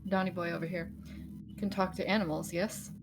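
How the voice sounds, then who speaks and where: A woman's voice: lowish voice, fairly even intonation, a little fast, background noise. A woman playing a tabletop game, talking in an upbeat, chatty way. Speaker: player. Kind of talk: casual tabletop game chat. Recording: music playing behind.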